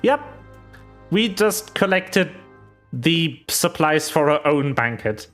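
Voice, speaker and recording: A man's voice: on the high side, expressive, slow pace, fairly bright tone, soft background music. A man streaming a game, tossing in wry, offhand casual remarks. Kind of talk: casual gameplay commentary.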